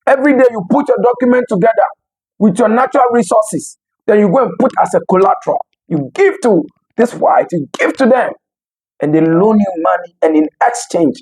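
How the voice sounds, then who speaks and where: Husky, animated African news commentator. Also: medium pitch, brisk, low-quality recording. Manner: animated, laughs often between remarks.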